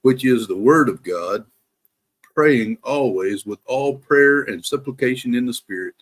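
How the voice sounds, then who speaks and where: Man, Bible live stream host: slow, careful scripture reading, mid-pitched voice, casual between passages. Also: animated, breathy edge. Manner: slow, deliberate reading, careful to pronounce every word. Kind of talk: reading scripture aloud and chatting with viewers.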